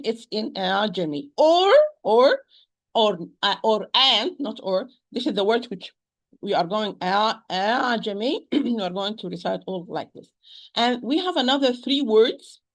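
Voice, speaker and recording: A woman teaching a recitation lesson, speaking haltingly, often repeating words and modelling pronunciations aloud to make her points. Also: medium pitch, animated, a bit bright. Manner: stresses rules with emphatic repetition.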